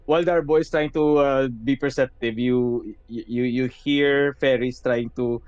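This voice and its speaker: A man's voice: mid-range voice, steady tone, a little slow, darkish tone, clean tone, no echo. A man running a tabletop game as game master, narrating with frequent restarts. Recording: dull lo-fi sound.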